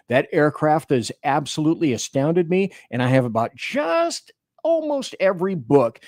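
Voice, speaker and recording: Male political radio host, forceful opinion delivery, very animated intonation, dry close sound. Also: medium pitch, no room sound. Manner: emphatic, opinionated, reads articles and chat aloud. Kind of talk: political commentary.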